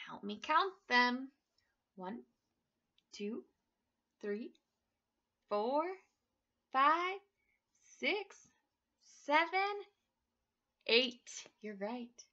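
A woman reading a picture book aloud to children, very animated and slow, with sing-song counting and playful animal sounds. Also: a little high, dull audio. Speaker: children's story reader.

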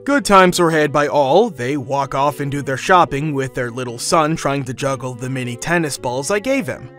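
A man narrating a first-person workplace story in a steady, matter-of-fact scripted read. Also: medium pitch, moderate pace, soft background music.

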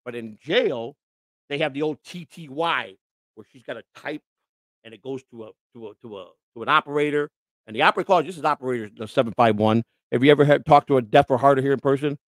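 A man's voice: medium pitch, fast talker, no room sound. Indignant man ranting on a livestream. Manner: indignant, repetitive restarts, swings loud and soft. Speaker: livestream host.

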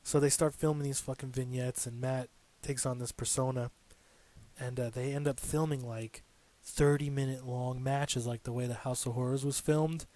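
A young man co-hosting a casual gaming video, telling stories excitedly and saying "like" a lot. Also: mid-range voice, normal speed. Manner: excitable storyteller, heavy "like" filler. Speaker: let's-play co-host.

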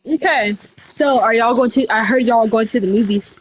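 A woman improvising a casual role-play over voice chat, her voice sitting fairly high. She rambles, restarts her sentences and suddenly jumps into excited high shouts. A faint noise hums underneath. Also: brisk, rough recording. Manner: rambling, with many restarts and y'all. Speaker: roleplayer running a candy store character.

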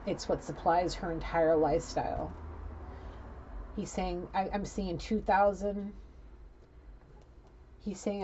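A woman's voice: on the low side, little pitch movement, slow, long pauses, warm tone, dull audio, slight background noise. A woman giving a rambling, blunt psychic reading in a casual, chatty way. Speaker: psychic tarot reader.

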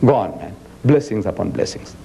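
A South African Islamic preacher and lecturer addresses a live audience, acting out dialogues, teasing the crowd and quickly reciting Arabic scripture between English lines. His voice is fairly low, warm and animated, with some vocal fry.

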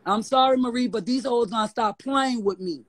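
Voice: mid-range voice, normal speed, no echo. A guest with a New Orleans accent ranting on a live stream, profane, defiant and mocking, repeating insults. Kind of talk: heated live-stream rant.

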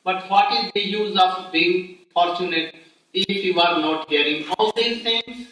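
Older man, spiritual teacher, high bright voice, slow unhurried delivery, distant echoey recording. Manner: slow storytelling with frequent exclamations. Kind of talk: devotional lecture. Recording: echoey hall from far off.

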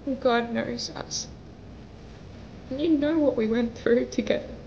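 A young woman vlogger speaks to camera in an emotional, pleading message, tearful and crying at times so her voice breaks. Her voice is fairly high, unhurried, with vocal fry and a darkish tone. The audio is dull, with slight background noise.

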